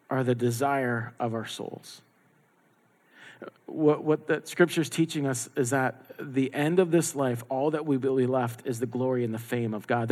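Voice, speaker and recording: A male pastor delivering a sermon, emphatic and repetitive, often restarting his words. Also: medium pitch. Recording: long hall reverb.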